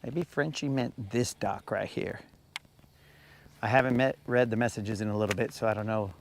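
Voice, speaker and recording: A man's voice: lowish voice, normal speed, gravelly, slight background noise. A man streaming live from a boat on a lake, talking casually to his viewers while he fishes and often calling them "bro". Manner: laid-back, chatty, says "bro" often. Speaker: fishing streamer.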